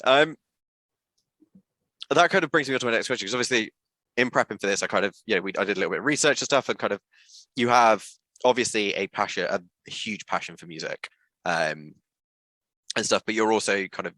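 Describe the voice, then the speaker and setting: Deep, fast-talking British host. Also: male voice, bright, forceful tone, no echo. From Britain. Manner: rambling questions full of kind of and you know. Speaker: interview host. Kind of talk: casual interview chat.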